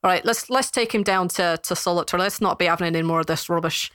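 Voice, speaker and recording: A woman's voice: fairly low pitch, fast talker, a bit bright, clear, resonant tone, no room sound, clean studio sound, natural voice. Woman doing a scornful dwarf jailer. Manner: scornful, blunt. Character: gruff bald dwarf guard, contemptuous.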